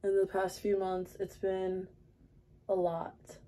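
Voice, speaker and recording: A woman's voice: medium pitch, completely flat delivery, takes it slowly, dark tone. A young woman vlogging at her makeup area at home, chatting candidly with lots of fillers. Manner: rambling, many fillers, candid. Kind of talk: casual confessional chat.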